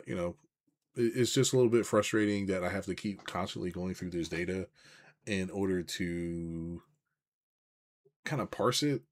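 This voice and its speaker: A man's voice: fairly low pitch, darkish tone. A man chatting loosely on a live stream, rambling with lots of swearing and restarts, and reading viewer comments aloud. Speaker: business coach hosting a live stream.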